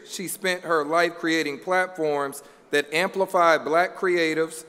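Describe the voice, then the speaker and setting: A man's voice: fairly high pitch, a bit bright, smooth. A man reading formal award introductions at a ceremony, building each one up to applause. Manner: reads prepared biographies, building to applause. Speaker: award presenter. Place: large hall. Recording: hall with long reverb.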